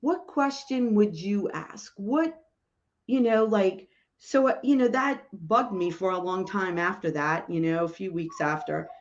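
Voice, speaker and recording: A woman's voice: medium pitch, a little slow, highs cut off. A woman, a spiritual medium, telling a personal story in a casual, rambling way, full of "you know" and "like".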